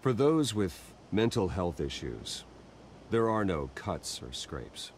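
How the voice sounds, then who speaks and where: An actor playing a calm, guarded wealthy young heir, speaking in a measured, earnest way. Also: male voice, low-pitched, a little hiss or hum, full character voice. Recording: game audio with faint music.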